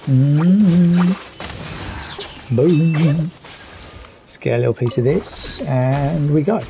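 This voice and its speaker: Gravelly guy streaming a game, mellow dark tone, chatting openly and reading chat out. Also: fairly high pitch, drawn-out words, a little hiss or hum, low-quality recording. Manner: candid, reflective, reads chat aloud. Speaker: live streamer. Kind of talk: casual gaming stream commentary.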